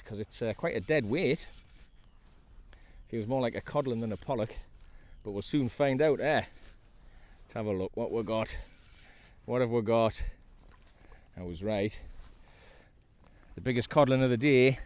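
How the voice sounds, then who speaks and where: Excitable man fishing from a kayak. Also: mid-range voice. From North East England. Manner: chatty, excitable, talks to the fish. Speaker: fishing vlogger. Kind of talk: casual running commentary while fishing. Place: kayak at sea outdoors.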